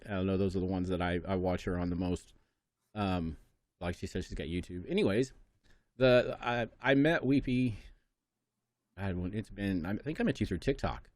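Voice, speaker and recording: A man's voice: deep voice, normal speed, dry recording. A man hosting an interview show, rambling with lots of fillers and laughing easily. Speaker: podcast host. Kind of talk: casual interview chat. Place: studio.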